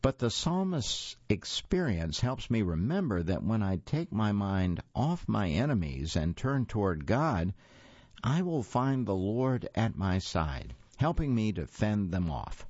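Slow, deep-voiced man reading a devotional. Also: darkish tone, no echo. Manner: measured, reverent reading. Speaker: devotional reader. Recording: dry, slightly muffled recording.

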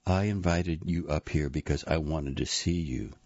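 A man reading an audiobook, voicing a tired, stubborn older mother who talks plainly and defends herself quietly. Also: extremely low pitch, normal speed, no echo, lo-fi sound.

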